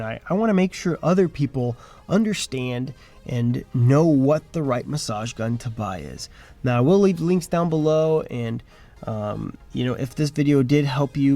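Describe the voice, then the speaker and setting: A man talks through a product review in a relaxed, chatty way, often checking in with "okay?" and "right?". His pitch rises and falls freely as he explains, and he is recorded close on a shotgun mic, with faint music underneath. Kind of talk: casual product review talk. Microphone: shotgun microphone pointed at him.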